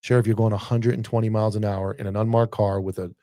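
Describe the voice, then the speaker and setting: A man's voice: lowish voice, level tone, quick pace, dark tone, no room sound, clean studio sound. A man who is a former cop telling profane stories in casual podcast chat, acting out the people he quotes. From northern US.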